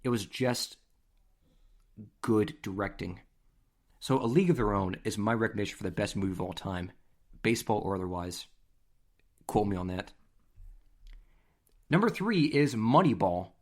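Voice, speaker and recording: A man hosting a podcast, telling stories in a casual, animated, conversational way. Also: on the low side, moderate pace, pauses often. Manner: animated, conversational, acts out scenes. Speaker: podcast host. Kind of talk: casual storytelling.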